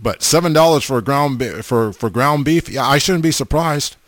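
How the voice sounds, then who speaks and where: A middle-aged man casually chatting as a host, reading viewer comments in a folksy, animated way, often repeating himself. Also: medium pitch, moderate pace, dry recording. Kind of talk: casual chat.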